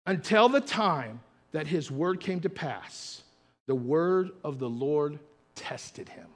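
Husky fervent preacher in echoing hall. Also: male voice, a little high. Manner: fervent preaching that swells loud, calling out to the church. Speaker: pastor. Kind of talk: sermon. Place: church sanctuary. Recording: long hall reverb.

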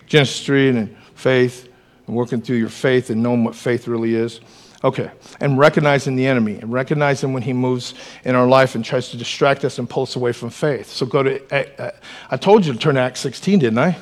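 A man preaching to his church in an animated way, with joking asides and calls for the congregation to respond. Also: medium pitch, a little fast. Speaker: pastor. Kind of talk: sermon.

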